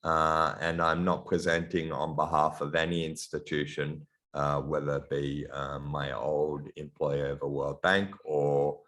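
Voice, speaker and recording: A middle-aged man with a mixed Australian and European accent, giving an online lecture in a halting way, with many ums and restarts, over a video call. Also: rumbling low, little pitch movement, fairly bright tone. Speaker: guest lecturer. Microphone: computer mic on a video call.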